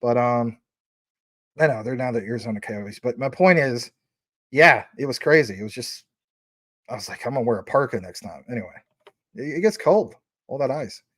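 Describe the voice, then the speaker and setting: A man's voice: medium pitch, lively intonation, moderate pace, pauses often, fairly bright tone, no echo. Chatty male livestream host, dry sound. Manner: chatty, rambling, reading out viewer names with playful emphasis. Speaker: livestream host reading viewer super chats. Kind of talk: casual livestream chat.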